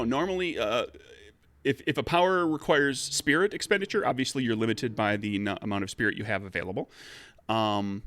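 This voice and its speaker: A man's voice: on the low side, pushed and bright, no echo. A man narrating as game master, explaining rules at length with many fillers and restarts.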